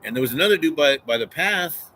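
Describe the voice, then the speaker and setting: A man's voice: a little high, expressive, fast, sharp tone, slight background noise, poor audio. Rambling man sharing scripture. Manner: rambling, repeats phrases, reads scripture aloud. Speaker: street preacher. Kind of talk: casual Bible talk.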